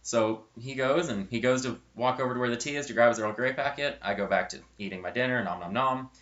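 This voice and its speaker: A man's voice: medium pitch, fast, a bit bright, dull audio. Chatty young man telling a story. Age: young adult. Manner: chatty and rambling, with self-correcting asides. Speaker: storyteller and channel host. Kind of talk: casual storytelling vlog.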